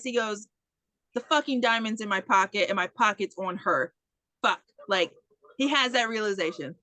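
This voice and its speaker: A woman's voice: fairly high pitch, no room sound. A woman co-hosting a podcast, retelling a film in casual chat, acting out the characters' lines and swearing freely. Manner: animated storytelling, acting out quotes, swears freely. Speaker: podcast co-host. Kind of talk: casual movie recap chat.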